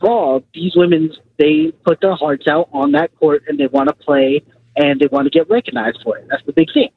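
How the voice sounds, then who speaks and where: Gravelly male caller on a phone line. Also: fairly high pitch, expressive, brisk. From California. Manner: earnest, repeats his points. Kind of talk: call-in radio talk.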